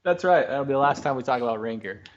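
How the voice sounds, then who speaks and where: A man's voice: medium pitch, quick pace, a little hiss or hum. Laid-back male co-host, patient explainer in casual talk, slightly muffled recording. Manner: relaxed, explains basics patiently with restarts. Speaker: co-host of a fishing talk show. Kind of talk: casual livestream chat.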